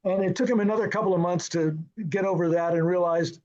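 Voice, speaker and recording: An older man, a film director, telling anecdotes in an interview, lively and chuckling as he acts out what others said. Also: high-pitched, moderate pace, dull audio. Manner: lively, acts out quoted dialogue, chuckles often.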